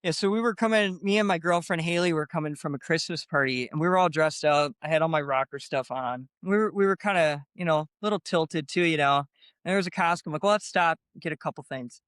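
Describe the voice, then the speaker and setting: A guest guitarist in his late twenties tells a story in a chatty, casual way, sprinkling in "you know" and "I'm like." His voice is a little high, fast, somewhat bright, and clear with a resonant tone, recorded at studio quality with no echo.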